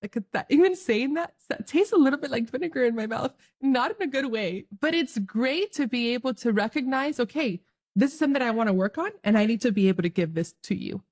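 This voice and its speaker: A woman's voice: a little high, animated, quick pace. Joyful young woman sharing her faith. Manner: joyful, earnest, laughs often. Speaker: Catholic speaker. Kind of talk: faith talk to camera.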